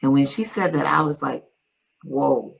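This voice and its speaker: A woman's voice: sits low, brisk, vocal fry, rough recording. A woman guest author telling a personal story in an interview, earnest and emphatic.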